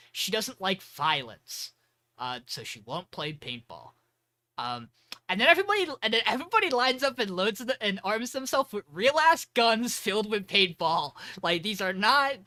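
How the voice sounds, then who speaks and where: A young man on an anime podcast who rambles, swears freely and recaps an episode excitedly. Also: high voice. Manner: rambling, profane, excitable storytelling.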